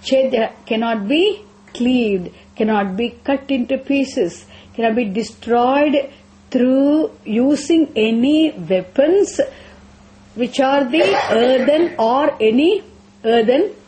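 Woman, scripture teacher, slow and deliberate, rather high voice, rhetorical questions. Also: lively intonation, dark tone. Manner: slow, repeats phrases, asks rhetorical questions. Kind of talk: scripture class with chanted verses.

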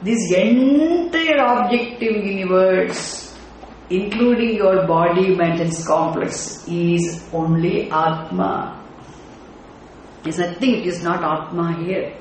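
A slow, unhurried teacher lecturing on scripture, pausing to ask the class whether it follows and lilting key terms in a chant. The voice rings through a very reverberant hall, with a faint room hum underneath. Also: medium pitch, steady tone. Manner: deliberate, often asks the class rhetorical check questions. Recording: very echoey room with faint ambience.

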